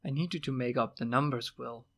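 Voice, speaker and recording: A brisk young ranger, crisp and matter-of-fact, put on by a man reading an audiobook. He sounds steady and plain-spoken. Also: mid-range voice, lightly acted. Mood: earnest.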